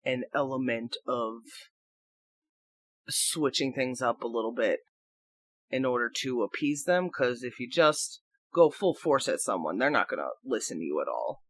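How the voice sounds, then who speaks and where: A man rambling through a reflective solo audio blog into a microphone, halting and questioning himself as he goes, swearing freely. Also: medium pitch, lively intonation, fairly bright tone, breathy edge, dry recording. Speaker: audio blogger. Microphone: talking into a microphone.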